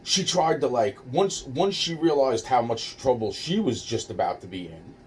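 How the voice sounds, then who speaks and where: A man's voice: medium pitch, lively intonation, moderate pace. A man casually telling a personal story, rambling and profane, with many restarts and fillers. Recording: distant mic with faint noise.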